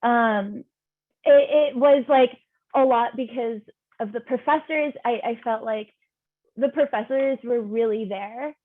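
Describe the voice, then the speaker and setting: A woman's voice: a little high, a little slow. A young woman speaking as a panelist over a video call, eager and often saying "like". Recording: tinny phone-like video call audio.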